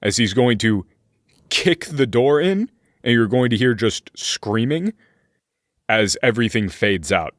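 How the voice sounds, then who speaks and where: A man's voice: medium pitch, animated, unhurried, no echo, clean studio sound. A man running a tabletop game as game master, narrating scenes loosely with plenty of fillers and restarts.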